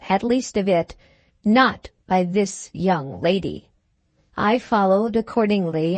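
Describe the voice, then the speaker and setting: A woman narrating a classic novel for an audiobook in a steady, measured storytelling manner. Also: medium pitch, dry recording. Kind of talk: scripted narration.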